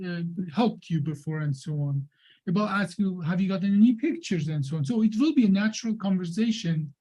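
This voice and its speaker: A man with a non-native English accent walks an audience through a live software demo. His voice is mellow and dark, and his talk is halting, full of fillers and restarts. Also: high voice, lo-fi sound. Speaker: presenter demonstrating software.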